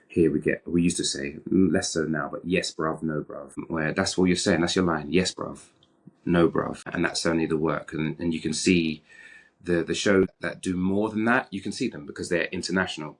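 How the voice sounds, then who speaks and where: A British man with a very low voice talks openly in an interview. He is animated and frank, and he often repeats his opening words before he finishes a thought. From Britain. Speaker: actor, guest. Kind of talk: candid interview conversation.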